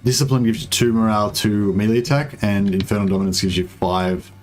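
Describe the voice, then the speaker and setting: A man's voice: on the low side, level tone, a little fast. A young man, streaming a strategy game and chatting casually with viewers, hesitant with many fillers. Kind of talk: casual gameplay commentary.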